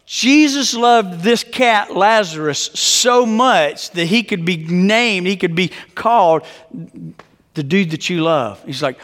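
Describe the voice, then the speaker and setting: Middle-aged male pastor, high-pitched, emphatic storyteller, sermon in a reverberant hall. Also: normal speed, a bit bright. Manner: conversational, joking, emphatic storyteller. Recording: long reverb of a large hall.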